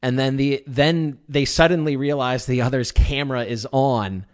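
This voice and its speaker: A male interviewer asking questions in a casual way, halting and stammering with many filler sounds. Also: medium pitch, fairly even intonation.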